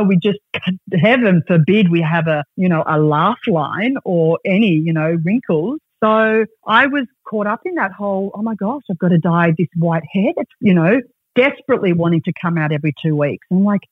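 A woman in her forties with an Australian accent, chatting as a podcast guest and telling stories with lively acted-out quotes. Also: on the low side, breathy edge, no room sound. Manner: bubbly, animated storyteller who acts out quotes. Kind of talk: casual interview chat. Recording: dry, tinny phone-like line.

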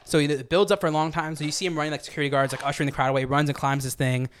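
A man's voice: on the high side, little pitch movement, racing, fairly bright tone, slight background noise. A young man rambling enthusiastically in a casual music review chat, full of fillers. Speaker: podcast co-host.

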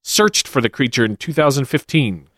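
Guy reading monster sightings on a podcast, mid voice, dry close mic, deadpan asides. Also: mid-range voice, normal speed, no room sound. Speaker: podcast co-host. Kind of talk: casual podcast chat.

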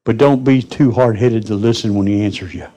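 A man's voice: on the low side, brisk, dark tone, faint music behind. A man preaching a folksy sermon to his congregation in church. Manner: folksy, addresses the congregation directly. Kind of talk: sermon storytelling.

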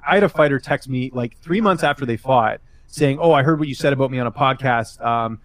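A man rattles along at a quick clip, piling up filler words as he tells stories and gives advice on a casual podcast. His voice sits in an ordinary middle pitch and sounds close and dry, with no room around it. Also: a bit bright, no echo. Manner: rambling, filler-heavy storytelling with advice. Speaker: MMA journalist guest.

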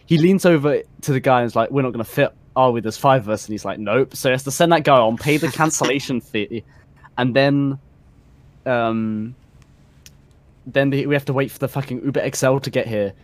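A man's voice: medium pitch, normal speed, no room sound. A young man co-hosting a casual podcast, telling a long profane story with lots of fillers and restarts. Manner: rambling, profane, laughing storyteller. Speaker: podcast co-host.

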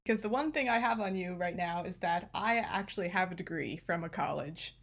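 A woman's voice: fairly low pitch, fairly quick, a loud crowd. A young woman co-hosts a podcast in easy, casual chat. She talks in a chatty way, laughs often, and restarts her sentences with plenty of likes along the way. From United States. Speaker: podcast co-host.

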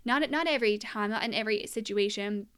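A woman's voice: medium pitch, fast, a bit bright, clear, resonant tone. A young woman telling her personal story as a mother in an earnest, emotional monologue, at times close to tears.

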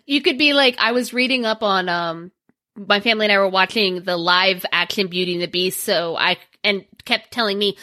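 A woman's voice: medium pitch, moderate pace, bright, forceful tone. A woman co-hosting a podcast, chatting casually in a bawdy, playful way and breaking into song now and then. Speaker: podcast co-host. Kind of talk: casual chat.

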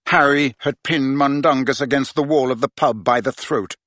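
A man narrating an audiobook in an expressive reading voice. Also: mid-range voice, moderate pace, hardly any pauses, dry recording. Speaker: audiobook reader.

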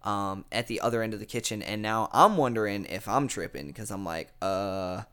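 Bright-voiced young man telling a rambling story. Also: on the low side, a little fast. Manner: rambling, animated, lots of fillers and swearing. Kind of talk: casual chat, storytelling.

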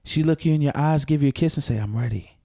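A man's voice: a little high, level tone, rapid-fire, dark tone, no room sound, clean studio sound. A man in his thirties telling frank, joking stories in casual podcast chat, and asking to be allowed to finish. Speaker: podcast co-host.

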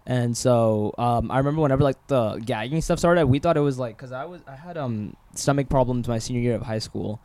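A man's voice: mid-range voice, brisk, hardly any pauses, a little mellow. A young man telling a personal story in casual chat with friends, rambling and full of fillers and slang. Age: young adult.

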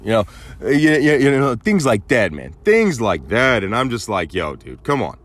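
A man's voice: medium pitch, moderate pace. A man hosting a podcast, rambling through a crude, joking monologue. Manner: rambling, crude, animated storytelling. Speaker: podcast host. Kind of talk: casual monologue.

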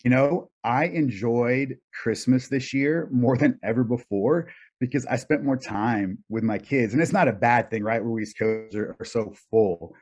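A man's voice: mid-range voice, normal speed, a little mellow, husky. A middle-aged man answering interview questions in a thoughtful, easygoing way, laughing often. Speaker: guest. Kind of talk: casual interview chat. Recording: dull lo-fi sound.

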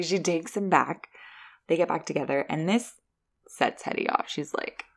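A woman hosting a podcast, giving a chatty, animated recap of a movie. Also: lowish voice, normal speed, gravelly, breathy edge. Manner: chatty, animated storytelling with laughs. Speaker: podcast host reviewing a film.

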